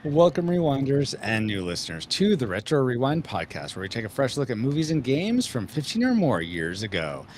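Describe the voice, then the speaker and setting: A man's voice: medium pitch, huge pitch swings, a little fast, hardly any pauses, a little mellow, slight background noise. A man hosting a live podcast, leading an upbeat, joking casual chat with his co-hosts. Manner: upbeat, joking, leads the talk. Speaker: podcast host.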